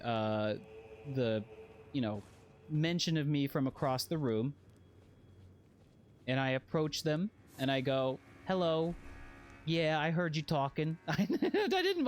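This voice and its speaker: A man's voice: a little high, slight background noise. A man streaming a game, telling a rambling story with chuckling asides and frequent self-interruptions. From Western. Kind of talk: casual gameplay commentary with anecdotes.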